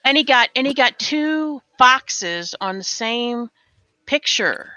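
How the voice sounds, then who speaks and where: A woman's voice: a little high, lively intonation, slow pace, pushed and bright, clean tone, no room sound, highs cut off. An American woman hosting a casual gaming livestream, chatting and telling stories with quoted asides. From United States. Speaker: livestream host. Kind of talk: casual chat while gaming.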